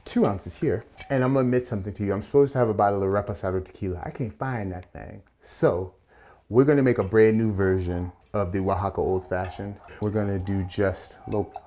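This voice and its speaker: A man's voice: on the low side, brisk, dark tone. Chatty man mixing cocktails. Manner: chatty and playful, with asides and slang. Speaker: bartender and channel host. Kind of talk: casual cocktail tutorial.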